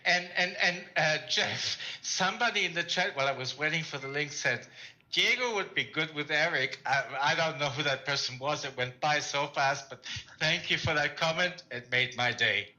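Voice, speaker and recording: A man co-hosting a livestream, chatting casually, animated and laughing, often repeating words. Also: fairly high pitch, normal speed, rough recording. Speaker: stream co-host. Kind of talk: casual chat.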